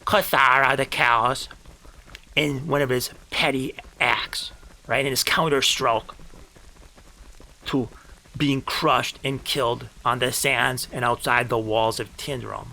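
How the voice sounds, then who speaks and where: A man streaming live, retelling game battles with grand phrasing and heated, profane rants, and saying he is high. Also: steady tone, takes it slowly, creaky, bright, forceful tone.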